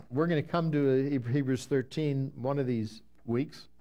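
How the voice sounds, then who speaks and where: A man's voice: medium pitch, mellow. Man preaching, emphatic Bible teaching. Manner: reads scripture slowly with emphasis, then explains conversationally. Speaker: pastor.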